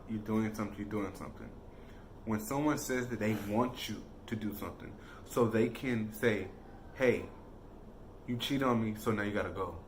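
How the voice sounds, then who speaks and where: A man's voice: lowish voice, darkish tone, slight background noise, poor audio. A man in casual chat who mostly reacts briefly, then explains his view at length. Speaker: co-host, listener.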